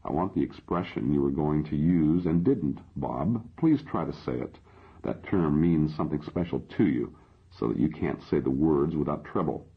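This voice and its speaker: A man voicing a calm, persistent male AI therapist in an audiobook, asking patient probing questions. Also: a bass voice, normal speed, vocal fry, slightly rough, heavily acted. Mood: coaxing. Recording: dull lo-fi audio.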